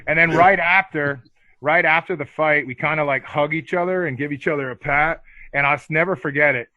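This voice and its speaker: A man telling stories as a podcast guest in a casual interview, animated and swearing freely. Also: on the high side, fairly quick, no room sound, muffled recording.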